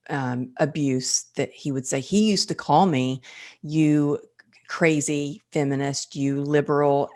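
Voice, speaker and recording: A woman hosting a podcast interview, with a notably low voice. She talks earnestly and reflectively, in a personal way. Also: vocal fry. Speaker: podcast host. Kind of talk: conversational interview.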